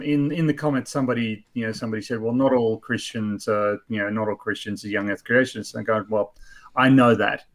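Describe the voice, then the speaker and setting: A man's voice: medium pitch, fairly bright tone. A man in his fifties hosting a casual chat, blunt and rambling with many fillers. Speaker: host.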